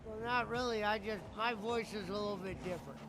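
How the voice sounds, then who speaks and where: A man's voice: high-pitched, fairly quick. A man from Ohio co-hosting a casual chat in a laid-back way and laughing easily. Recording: noisy background hiss.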